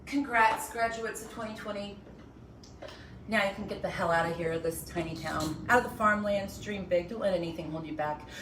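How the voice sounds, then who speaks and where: A woman playing a theatrical female Satan, hushed to booming. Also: moderate pace, distant mic, background noise, close to an everyday voice. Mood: mocking. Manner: dramatic, swinging between whispers and loud declarations. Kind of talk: comedic character monologue. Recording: echoey room, voice off-mic.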